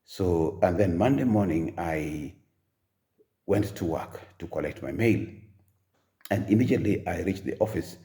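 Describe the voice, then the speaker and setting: An older man with a Kenyan accent telling his own life story in a halting, soft-spoken way, with many pauses and fillers. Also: sits low, animated.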